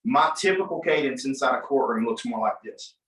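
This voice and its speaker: A man who is an attorney, coaching a class on mock trial in an animated way, acting out courtroom exchanges. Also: mid-range voice, a little fast. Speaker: attorney, guest speaker. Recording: echoey room, mic from far off.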